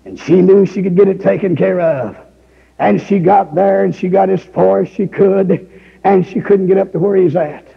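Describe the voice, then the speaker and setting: A male preacher with a high, very gravelly, husky voice tells the story in a folksy way and rises into shouting. The recording is dull and lo-fi, and there is a long hall reverb behind him. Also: steady tone, normal speed. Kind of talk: fiery revival sermon.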